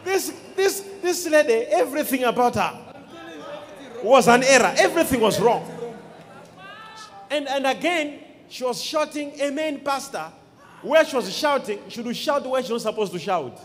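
Emphatic high-voiced male preacher. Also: expressive, moderate pace, some chatter behind. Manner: emphatic call-and-response preaching. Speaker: pastor. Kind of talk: sermon. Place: church. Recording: long hall reverb.

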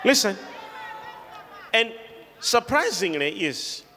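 A man preaching a sermon to a congregation, shouting and calling for responses. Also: high voice, very animated, slow. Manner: emphatic call-and-response preaching, often shouting. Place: large hall with a congregation. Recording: reverberant hall, crowd noise behind.

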